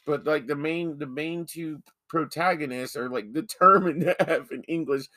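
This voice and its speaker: A man's voice: a little high, normal speed, pushed and bright, no room sound. A man co-hosting a podcast, chatting casually about a movie with profane, joking, mock-outraged remarks. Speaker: podcast co-host. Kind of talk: casual movie-review chat.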